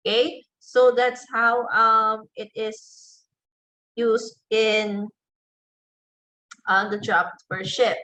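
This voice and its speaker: A woman teacher with a Filipino English accent gives an online lecture, taking her time over each point. Her voice sits fairly high, and she repeats example phrases slowly so students can follow. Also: sharp tone, low-quality recording. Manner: slow, deliberate, repeats example phrases aloud.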